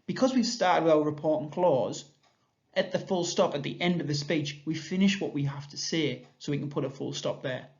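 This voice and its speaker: A man with an English accent leads a recorded grammar lesson for young pupils. His voice sits slightly high, and he explains each step patiently and clearly. The recording sounds dull and lo-fi. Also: expressive, moderate pace, a little mellow. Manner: clear, patient explanation, reading examples aloud with lifted voice. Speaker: primary school teacher.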